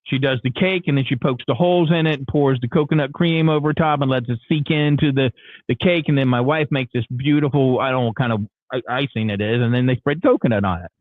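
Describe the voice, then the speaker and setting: A man speaking fast at medium pitch calls in as a radio host on a casual morning show. Through a tinny phone connection without echo, he rambles through a long, candid story, restarting many times.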